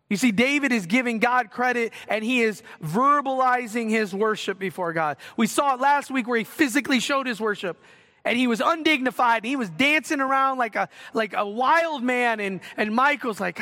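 A middle-aged man preaching a sermon as pastor, earnest and swinging between loud exclamations and quiet reflection. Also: sits high, normal speed. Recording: long hall reverb.

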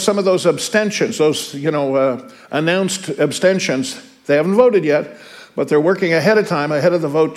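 A male teacher giving an informal lecture, often pausing to check in with his class before reading aloud from a novel. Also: a little high.

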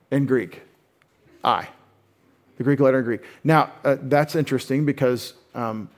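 A man's voice: medium pitch, moderate pace, darkish tone. A male pastor preaching an expository sermon, talking conversationally with wry asides and frequent self-corrections.

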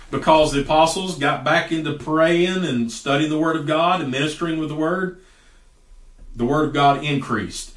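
A middle-aged pastor preaches a sermon in a folksy, emphatic way, his voice swelling in sudden loud bursts before dropping back. His pitch sits in the middle range for a man. He is heard from some distance in an echoey church room.

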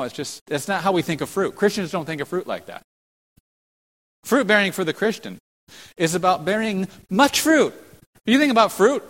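A man preaching an expository sermon as a pastor, earnest and full of rhetorical questions, often restarting his phrases. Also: sits high. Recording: long hall reverb.

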